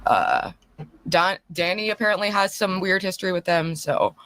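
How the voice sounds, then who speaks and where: Lively, gossipy female streamer. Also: lowish voice, moderate pace, no echo. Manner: gossipy, exclamatory. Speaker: streamer commenting on drama. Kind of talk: casual commentary.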